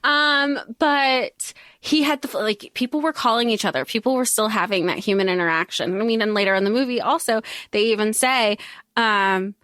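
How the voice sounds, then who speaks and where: A woman's voice: fairly high pitch, a little fast, a bit bright, no room sound, clean studio sound. A woman co-hosting a podcast, chatting casually, swearing and laughing often. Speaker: podcast co-host. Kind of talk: casual chat.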